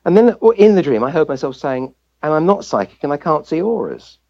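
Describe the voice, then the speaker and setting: An English man recounts a personal story as an interview guest. His pitch swings widely as he acts out the voices of people he quotes. The recording is dull and lo-fi. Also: a little fast, gravelly. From England. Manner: lively anecdote-telling, acting out quoted voices. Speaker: guest, family physician.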